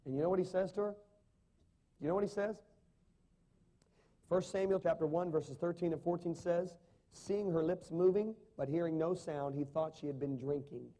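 A man's voice: on the high side, normal speed, pauses often, dark tone. A man preaching a sermon to a congregation, dramatic, with rising and falling emphasis and frequent questions to the listeners. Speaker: pastor.

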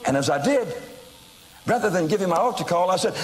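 An older American man tells a story from the pulpit, his voice rising and falling widely and breaking into shouts. He sounds a little higher than most men. The sound rings with long reverb in a large hall, with a faint hiss behind it. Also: fairly quick. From United States. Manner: animated storyteller, bursts into shouts, laughs at himself. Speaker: evangelist preacher. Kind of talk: storytelling sermon.

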